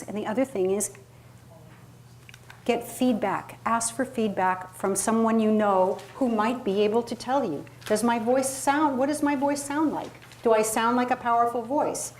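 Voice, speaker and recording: A woman coaching a live group on voice, speaking energetically and dropping into sudden high and low demonstration voices. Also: a little mellow, a little hiss or hum. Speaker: voice and presentation coach. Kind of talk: workshop talk to a live audience.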